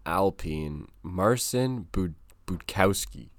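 Animated man in casual joking chat. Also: sits low, slow pace, no room sound. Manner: joking, animated, laughs often. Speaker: podcast co-host.

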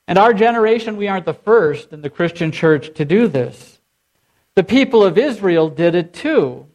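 A man's voice: high voice, animated, moderate pace, a little mellow, lo-fi sound. A man preaching a sermon as pastor, leading his congregation in call and response. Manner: leads the congregation in repeated chanted responses.

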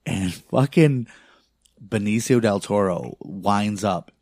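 Male, young adult, low-ish pitch, dry close mic; loose profane storyteller full of fillers. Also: fairly quick, dry recording. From not from a big city. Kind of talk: casual chat.

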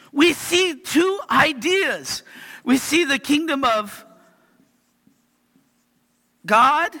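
A man's voice: extremely high pitch, lively intonation, slow, pauses often, sharp tone. A man preaching a sermon in a chatty storytelling way, often checking in with the congregation. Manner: chatty storytelling, keeps asking "right?". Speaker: pastor. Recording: long reverb of a hall.

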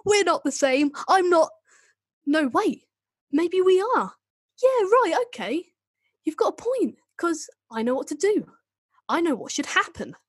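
A woman voicing the Doctor, an angry, vengeful male time traveller, with a put-on Northern English accent, high-pitched and mocking. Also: very animated, unhurried, pauses often, no echo, studio quality, full character voice. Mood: bitter.

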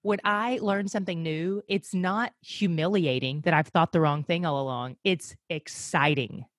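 American woman, lowish voice, animated, dry close sound. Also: normal speed, dry recording. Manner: animated, acts out voices when telling a story. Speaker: guest. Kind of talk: casual interview chat.

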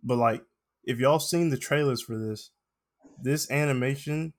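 A man's voice: medium pitch, a little slow. A man co-hosting a podcast in casual chat, emphatic and confident. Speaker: podcast co-host.

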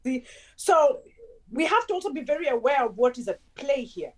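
Lively high-voiced African woman. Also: normal speed. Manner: animated, storytelling, acts out quoted voices. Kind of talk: casual conversation.

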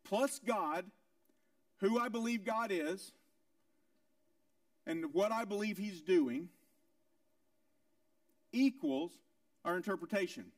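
A male pastor preaching a sermon with emphatic rhetorical questions and repeated phrases, moving between loud, high lines and quiet, low ones. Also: expressive, slow pace, pauses often, no echo, clean studio sound, far from the mic.

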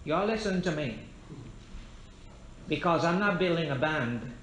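A man's voice: a little high, lively intonation, unhurried, a bit bright, a little hiss or hum. A man preaching a fervent sermon to his congregation in a church, quoting scripture and addressing listeners directly. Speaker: pastor. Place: church sanctuary.

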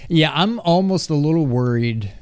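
A man's voice: fairly high pitch, animated, normal speed, darkish tone, smooth, dry recording. A man co-hosting a casual gaming chat, rambling and loose, acting out his own reactions. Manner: loose, rambling, filler-heavy with acted-out reactions.

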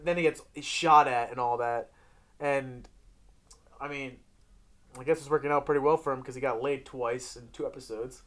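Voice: mid-range voice, moderate pace. Rambling, profane podcast co-host. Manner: profane, rambling, with animated retellings. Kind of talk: casual chat reviewing a TV series.

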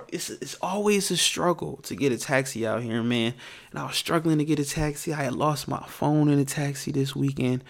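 A man's voice: fairly high pitch, vocal fry. A man hosting his own podcast, telling a story in a casual monologue and ranting with plenty of profanity. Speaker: podcast host.

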